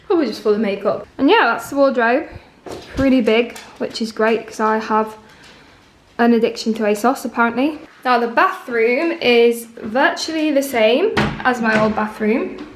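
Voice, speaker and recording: Young London woman, bright higher voice, casual giggly vlogger, bare echoey rooms. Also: slight background noise. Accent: London English. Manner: chatty and giggly, with filler words. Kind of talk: casual home tour vlog. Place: empty flat, echoey rooms. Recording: echoey empty room.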